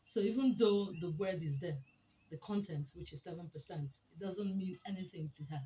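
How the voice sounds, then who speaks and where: A woman giving a teaching talk to an audience, deliberate and emphatic, often asking rhetorical questions. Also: fairly low pitch, warm tone, dull audio. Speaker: speaker on a women's program.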